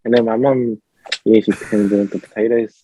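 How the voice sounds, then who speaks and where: A man's voice: fairly low pitch, steady tone, normal speed, background noise. A young man with a New Zealand accent, a podcast guest telling a story in casual chat and laughing often. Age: young adult.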